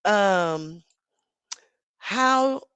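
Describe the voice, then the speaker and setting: A woman's voice: mid-range voice, lively intonation, drawn-out words, fairly bright tone, clear, resonant tone, no echo. A woman, hosting a casual live commentary stream, reading the chat aloud and talking back to it, sassy and laughing often. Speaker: livestream commentary host.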